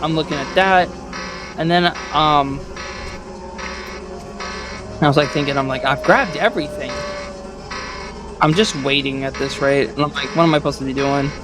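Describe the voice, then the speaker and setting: A man casually recapping a game he played, rambling and swearing, acting out his own thoughts with loud outbursts, with loud music behind. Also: a little high, steady tone, moderate pace, pauses often, low-quality recording. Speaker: gaming video host.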